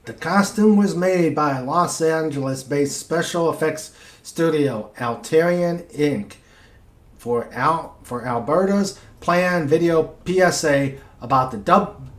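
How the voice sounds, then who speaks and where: A man's voice: on the high side, roomy sound. A man hosting a casual chat show, reading out odd news stories with asides. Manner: slow, reads news items aloud with asides. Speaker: host.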